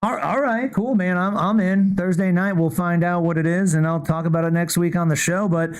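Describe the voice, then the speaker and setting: Young male podcast co-host, high-pitched and smooth-voiced, casual and stumbling over his own words. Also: fairly even intonation, fairly quick. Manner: rambling, stammers and restarts, says "bro" and "man". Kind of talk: casual chat.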